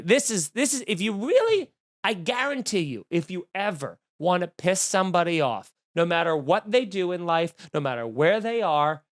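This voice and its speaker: A man's voice: sits high, fairly bright tone, dry recording, studio quality. A man hosting a comedy podcast, telling a story in a snarky, profane, ranting way.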